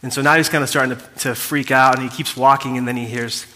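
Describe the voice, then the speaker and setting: A man's voice: mid-range voice, steady tone, fast talker, sharp tone. A man preaching to a congregation in a church hall, telling a story in a casual, conversational way with fillers and asides to the listeners. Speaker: pastor. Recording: reverberant hall.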